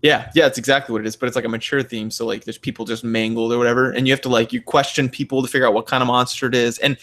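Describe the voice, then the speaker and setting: A man's voice: mid-range voice, little pitch movement, rapid-fire, fairly bright tone. A young man from Mississippi, a podcast host, chatting casually and acting out the voices in his stories. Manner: rambling storyteller, acts out quotes. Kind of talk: casual chat.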